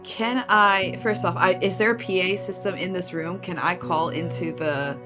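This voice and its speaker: A woman's voice: lowish voice, steady tone, normal speed, over music. A woman playing a tabletop game on stream, speaking hesitantly with many fillers. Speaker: player.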